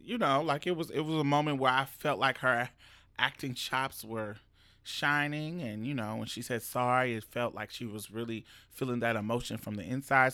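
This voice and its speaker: A man casually recapping an episode he acted in, profane and animated, laughing often. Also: on the low side, clear, resonant tone, no echo. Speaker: actor recapping his own show.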